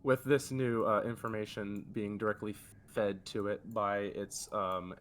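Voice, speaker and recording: A man's voice: fairly low pitch, level tone, a little slow, a bit bright, a little hiss or hum. A young man narrating as dungeon master in a tabletop game, laughing often as he describes the action.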